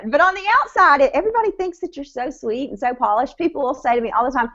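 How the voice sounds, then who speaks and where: A woman's voice: high voice, fast talker, few pauses, fairly bright tone, highs cut off. A woman with a Southern American accent, a sales coach telling her story in a video interview. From Southern United States.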